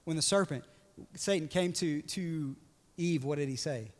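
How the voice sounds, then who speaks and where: A young adult man preaching a sermon as pastor, animated and joking, often slipping into playful voices for quotes. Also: on the high side, measured pace. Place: church hall. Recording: reverberant church hall.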